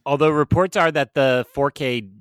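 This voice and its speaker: A man's voice: a little high, normal speed, clean tone, no room sound. A man co-hosting a casual film podcast, chatty and enthusiastic, with many fillers. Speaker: podcast co-host.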